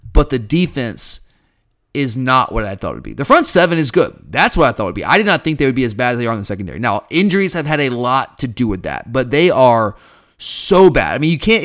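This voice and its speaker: Chatty man, slightly high voice. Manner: chatty, animated, addresses listeners as guys. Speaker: sports podcast host. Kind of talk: casual sports talk podcast.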